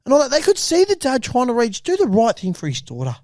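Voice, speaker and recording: Animated man, mock-emotional comedy. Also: extremely high pitch, quick pace, dry recording. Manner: rambling, mock-emotional, stammering restarts. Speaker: podcast co-host. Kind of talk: improvised comedy news skit.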